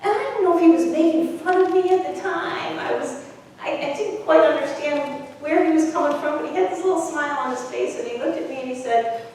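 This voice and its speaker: A weary but bold outcast woman at a well tells her story with dry, conversational wit, as a woman pastor plays her in a sermon. The voice sits a little high and carries an Upper Midwest accent. It rings through a big echoing sanctuary, picked up from a distance with a long reverb tail. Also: brisk, darkish tone, a little hiss or hum. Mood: wry. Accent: Upper Midwest American. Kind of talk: first-person dramatic monologue in a sermon. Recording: echoey hall from far off.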